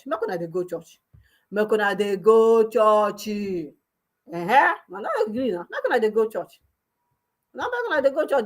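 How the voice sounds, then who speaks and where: A Nigerian-accented woman vlogger rants with emphatic, scolding force. Her voice sits rather high, and she drops into pidgin and local phrases as she talks. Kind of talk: ranting commentary.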